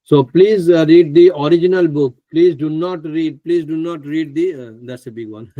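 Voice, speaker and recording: A man presenting a live online trading class, chatty and excitable, who laughs often and stumbles over names. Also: fairly high pitch, slow, dry recording, phone-quality sound. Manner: stumbles over names, asks others to pronounce them.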